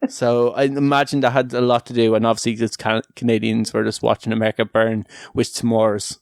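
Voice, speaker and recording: A man's voice: mid-range voice, little pitch movement, brisk, vocal fry, no room sound, clean studio sound. A young Irish man hosting a podcast in casual chat, talking loosely with many fillers and frequent laughs. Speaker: podcast host.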